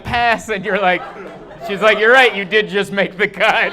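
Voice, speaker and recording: High-voiced man doing stand-up. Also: normal speed, a crowd in the background. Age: 30s. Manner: deadpan storytelling with acted-out quotes, sudden loud bursts. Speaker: stand-up comedian. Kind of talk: stand-up comedy set. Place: comedy club stage. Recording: live club recording with audible background noise.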